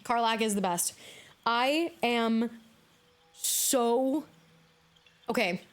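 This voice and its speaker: A woman streaming a video game live, chatting casually with her viewers, bubbly and quick to laugh. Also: fairly high pitch, animated. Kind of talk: casual live-stream chat while gaming.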